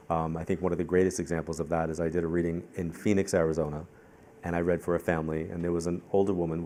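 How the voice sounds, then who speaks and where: Low-voiced male psychic-medium guest from Long Island, quick, animated onstage storyteller. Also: slight background noise. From Long Island, New York. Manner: talks fast and repeats himself when in the zone. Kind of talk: live onstage conversation.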